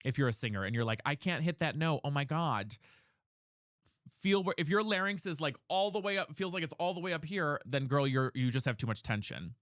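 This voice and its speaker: A man's voice: fairly high pitch, animated, quick pace, hardly any pauses, fairly bright tone, no room sound, clean studio sound. A young man streamer chatting casually with his chat, reading questions aloud and explaining voice technique.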